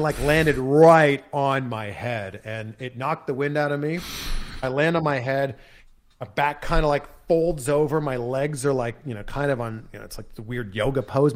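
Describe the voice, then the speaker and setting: An American man sits in as a podcast guest and tells a story with animated energy, piling on fillers like "like" and "you know". His voice sits at an ordinary middle pitch. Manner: animated, vivid retelling with many fillers. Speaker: interview guest.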